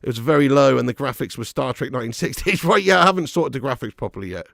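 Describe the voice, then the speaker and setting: A man's voice: medium pitch, lively intonation, fast talker, vocal fry, fairly bright tone, no echo, clean studio sound. A man hosting a live football watch-along, chatting and bantering with viewers. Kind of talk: live casual match commentary and chat.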